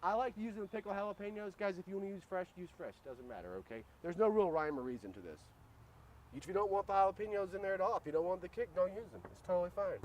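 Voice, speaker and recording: A man's voice: high voice, lively intonation, fast, slight background noise. A man hosting a casual cooking demo outdoors at a grill, joking around and talking to viewers as "guys.". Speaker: grill cooking show host.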